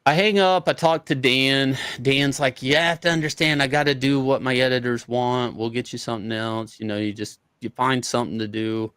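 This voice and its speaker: Guy comic artist ranting thru a story, cusses a lot, mid pitch, acts out what everyone said. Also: steady tone, normal speed, hardly any pauses, fairly bright tone, clean tone, no room sound. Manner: profane, retells events by acting out both sides of conversations. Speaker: comic book artist, interview guest. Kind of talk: casual storytelling interview.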